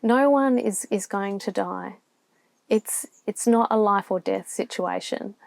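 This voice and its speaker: A woman's voice: mid-range voice, measured pace, vocal fry, a little mellow, dry recording. Reflective Australian woman vlogging from her van. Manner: open, reflective, rambling with restarts. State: near tears at times. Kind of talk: candid solo vlog to camera. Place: campground, inside a van.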